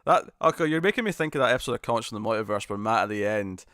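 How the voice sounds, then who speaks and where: A man hosting a live stream, chatting casually and reading viewer comments, self-deprecating and quick to laugh. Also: fairly low pitch, animated, a bit bright, smooth, no echo, clean studio sound. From United Kingdom.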